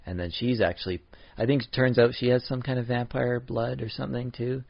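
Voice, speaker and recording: A man's voice: mid-range voice, fairly even intonation, a little fast, vocal fry. A man co-hosting a podcast in casual chat, laid-back, laughing often and trailing off mid-thought. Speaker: podcast co-host. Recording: dull lo-fi sound.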